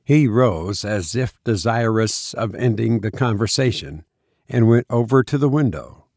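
A man reads a story aloud in a measured audiobook style. His voice sits on the low side, and he takes his time over every phrase. The sound is dry and close. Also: lively intonation, a little mellow, dry recording. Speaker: narrator. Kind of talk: audiobook reading.

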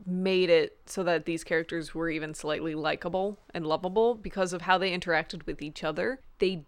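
A woman with a fairly low, smooth and clear voice. She chats casually as a podcast co-host, relaxed and agreeable, peppering her talk with "like". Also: brisk. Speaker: podcast co-host reviewing films. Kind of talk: casual chat.

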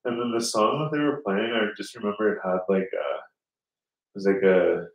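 A man's voice: lowish voice, lively intonation, moderate pace, creaky. A man telling a rambling story in casual chat, swearing a lot and acting out other people's lines. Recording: roomy sound from a distance.

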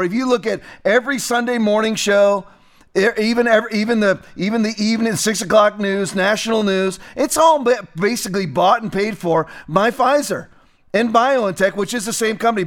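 A man's voice: high voice, fairly bright tone. A man hosting a political commentary show, talking emphatically and repeating phrases for stress.

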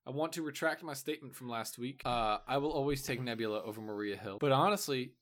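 A man's voice: medium pitch, fast, fairly bright tone. A young man with an ordinary mid-range voice, talking casually as a co-host. His delivery is laid-back, loose and full of fillers, with sentences that often trail off. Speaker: podcast co-host. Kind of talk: casual chat.

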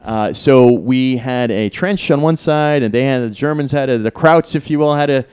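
A man playing a dim, cheerful young soldier from the First World War who keeps waking up in different battles, in an improvised comedy podcast, talking in a halting, stammering, deadpan way. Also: mid-range voice, clean tone, natural voice. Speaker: improv guest in character.

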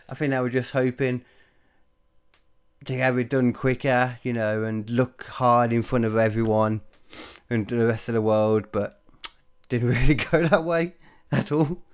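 A young man from the UK rambling in casual solo chat, self-mocking and sweary, swinging between loud bursts and mumbles. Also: medium pitch. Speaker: podcaster and stand-up comic.

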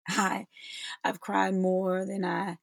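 A woman's voice: mid-range voice, flat delivery, takes it slowly, vocal fry, slightly rough, no echo. A woman in her forties telling a personal story as a podcast host, heartfelt and talking straight to her listeners. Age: 40s. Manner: heartfelt, addresses listeners as sisters and y'all.

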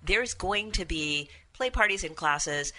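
A woman's voice: on the low side, animated, a little slow, sharp tone. A woman in casual conversation, telling a personal story candidly and animatedly, acting out quotes. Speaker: podcast guest storyteller. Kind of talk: casual chat.

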